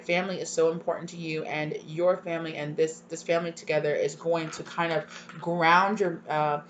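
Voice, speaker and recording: A young woman with a slightly low voice reads tarot live for her viewers. She gushes, tears up at times, and fills gaps with "um" and "right?". A faint hum sits under the recording. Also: lo-fi sound. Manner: emotional, gushing, many fillers and repeated "right?". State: tearful at times. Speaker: tarot reader.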